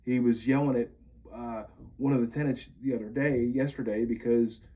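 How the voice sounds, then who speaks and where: A man's voice: mid-range voice, steady tone, normal speed, mellow. Vlogger, man from Pennsylvania, angry profane monologue, muffled lo-fi audio. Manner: bitter, profane ranting. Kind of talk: venting monologue to camera.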